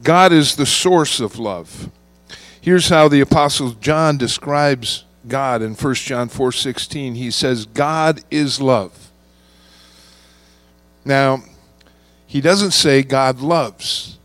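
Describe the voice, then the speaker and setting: A male pastor delivers a sermon in an unhurried, deliberate way, drawing out key words for weight. His voice sits at an ordinary pitch and sounds dry and close, with a faint electrical hum running underneath. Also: fairly bright tone, no echo. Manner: measured preaching, slowing to stress key words.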